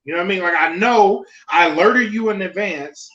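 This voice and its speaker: High, bright-voiced man telling a story. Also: brisk, hardly any pauses, reverberant. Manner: animated, profane, laughing storyteller. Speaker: podcast co-host. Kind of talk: casual chat, storytelling. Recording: slightly dull lo-fi podcast audio.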